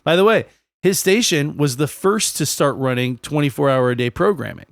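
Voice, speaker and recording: A man's voice: a little high, moderate pace, no room sound, studio quality. A man co-hosting a podcast, telling a history story in casual chat, laughing often and swearing freely. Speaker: podcast co-host.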